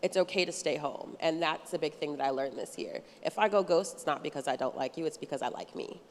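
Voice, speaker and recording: A woman's voice: low voice, quick pace. A woman speaking on a panel in a candid, reflective way. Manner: candid, reflective, laughs easily. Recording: hall reverb.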